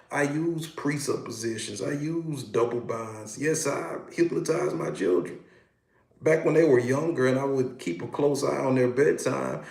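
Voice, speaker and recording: A man's voice: medium pitch, creaky, a little mellow, reverberant, a little hiss or hum. A man, a hypnotherapist, hosting a casual livestream, talking animatedly and greeting viewers by name.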